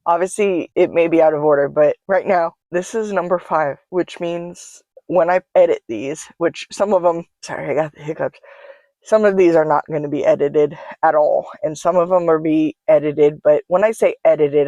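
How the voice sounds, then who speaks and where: A woman hosting her own podcast, speaking in a candid, reflective monologue on her own microphone, halting often to restart with soft laughs. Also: low voice, no echo. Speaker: podcast host. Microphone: own microphone, self-recorded.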